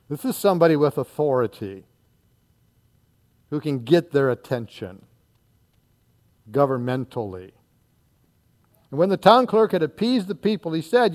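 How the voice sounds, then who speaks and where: Here a male preacher works through scripture in an expository sermon, reading each verse and explaining it. Animated throughout, he mimics the crowd and lowers his voice for quiet side remarks.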